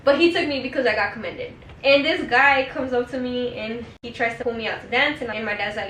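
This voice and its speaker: A young woman telling family stories in casual chat, animated and quick to laugh. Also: a little high, reverberant, far from the mic, a little hiss or hum, rough recording.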